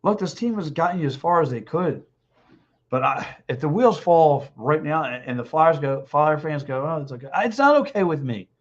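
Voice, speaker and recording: A man in his fifties hosting a podcast, talking sports alone and reading out live comments, blunt and excitable, repeating himself, a little hoarse with a dry throat. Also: fairly high pitch, moderate pace. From Philadelphia. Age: 50s. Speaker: podcast host. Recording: dull lo-fi stream audio.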